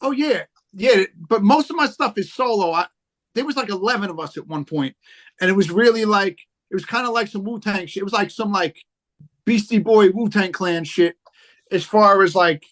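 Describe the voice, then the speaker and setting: A man tells stories in relaxed, profane chat. He rambles and circles back, with plenty of fillers between his thoughts. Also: high voice, moderate pace. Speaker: podcast guest, rapper. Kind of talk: casual chat.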